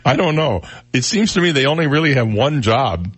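A man co-hosting a morning radio show. His voice is mid-pitched and swings up and down with a lot of life, and he jokes and chuckles his way through the news stories he reads aloud. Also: lively intonation, moderate pace, a bit bright, breathy edge. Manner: jokey, laughs while reading news stories aloud. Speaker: radio co-host. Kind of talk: casual morning radio banter. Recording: radio broadcast.

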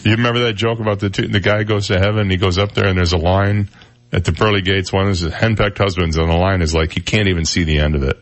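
Deep-voiced rambling radio host, dry sound. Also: male voice, steady tone, fast talker, dry recording. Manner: rambling, self-deprecating, loses his place in jokes. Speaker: radio talk show host. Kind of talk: casual on-air chat and joke telling. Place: radio studio.

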